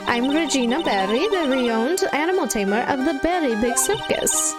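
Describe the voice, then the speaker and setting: A woman voicing a carefree young female circus animal tamer in a high, airy, sing-song voice. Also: lively intonation, normal speed. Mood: chirpy. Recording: game music playing behind.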